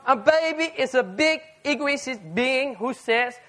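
A man preaching a sermon to a live audience, animated and firing rhetorical questions at the listeners. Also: extremely high pitch, measured pace.

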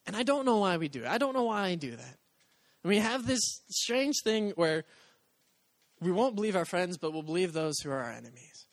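Earnest high-voiced male pastor, dry sound. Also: sing-song, a little fast, dry recording. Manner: earnest, conversational, acts out quoted voices. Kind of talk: sermon.

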